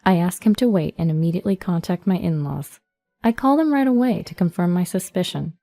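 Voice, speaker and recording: A woman narrating a first-person story in an even, measured reading voice. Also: on the low side, dry recording, faint music behind.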